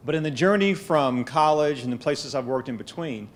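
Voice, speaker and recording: A middle-aged man with a fairly high-pitched voice delivers a formal keynote at a college event, speaking into a podium microphone. He tells stories in a measured way, adding touches of gentle humor.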